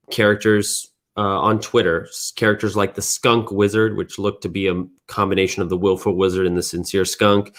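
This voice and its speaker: A man hosting a weekly community news recap, thinking out loud in a relaxed, casual way. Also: fairly low pitch. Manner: thinks aloud, restarts and fillers, relaxed.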